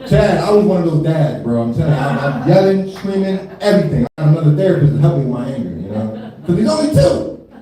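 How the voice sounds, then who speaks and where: Talking fast with hardly a pause, a thirtysomething comedian does a live set in a fairly high, animated voice with a dark tone, swearing loosely, laughing often and using filler tags. The sound is distant and echoey, recorded at a comedy venue.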